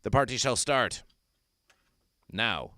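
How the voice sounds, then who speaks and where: A man with a bright, crisp voice delivers mock-solemn proclamations, repeating lines with grandiose weight. He hosts an absurd comedy stream. The sound is dry and close. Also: medium pitch, lively intonation, takes it slowly, dry recording. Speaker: comedy performer. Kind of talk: absurdist livestream chat.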